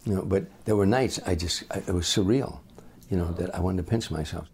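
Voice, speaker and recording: Husky older man telling stories. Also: deep voice, a little fast. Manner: animated raconteur, acts out voices. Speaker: comedian guest. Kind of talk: anecdotal storytelling in an interview.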